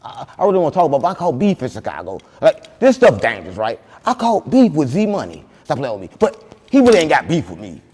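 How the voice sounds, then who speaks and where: A man hosting a podcast, boasting in animated banter and repeating catchphrases, loud one moment and soft the next. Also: on the high side, fast, slightly rough, big-room sound. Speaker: podcast host.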